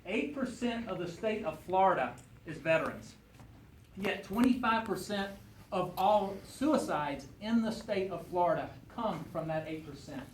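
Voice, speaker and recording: A man's voice: high-pitched, animated, measured pace, a little hiss or hum. A man speaking as a guest speaker at a veterans event, telling a story and then speaking earnestly. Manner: earnest, folksy. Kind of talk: public speech with storytelling. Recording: echoey room with faint ambience.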